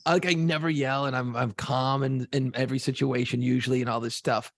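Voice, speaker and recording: A man's voice: mid-range voice, fairly even intonation, brisk, no echo. A man co-hosting a podcast in casual chat, telling stories animatedly and swearing freely. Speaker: podcast co-host.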